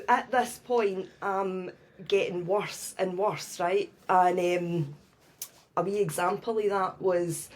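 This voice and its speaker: A middle-aged Scottish woman, a podcast guest, telling a personal story in a lively way and often adding "right?". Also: medium pitch.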